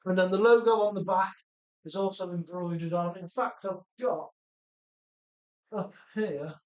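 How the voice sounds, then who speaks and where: A man's voice: sits high, fairly even intonation, a little slow, lo-fi sound. A man hosting a live stream in his home workshop, chatting easygoing and laughing often as he reads out viewer comments. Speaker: host of a radio-controlled car live stream.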